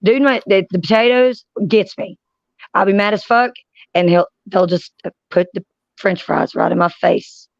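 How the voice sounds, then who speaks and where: A woman's voice: medium pitch, a little slow, vocal fry, dry recording. A woman chats on a panel stream, telling blunt stories full of swearing. She has a middle-range voice, and the sound is dry, dull and muffled. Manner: blunt, profane storytelling. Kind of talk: casual panel chat.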